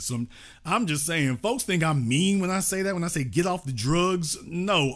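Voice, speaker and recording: A man hosting a call-in show, speaking, mocking and exasperated, swinging between loud jabs and low mutters. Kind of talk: heated call-in commentary.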